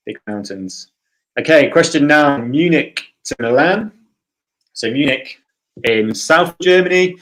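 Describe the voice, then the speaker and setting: A man hosting an online church quiz, going through the answers in a relaxed, chatty way with small hesitations. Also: medium pitch, rough recording. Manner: easygoing, chatty, slightly hesitant. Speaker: quiz host. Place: home, livestream for a church quiz.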